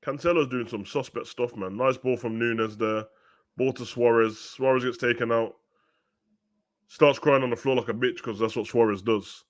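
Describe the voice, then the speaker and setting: A young man hosting a live football watch-along, chatting in slang and rising to loud, excited play-by-play. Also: mid-range voice, normal speed.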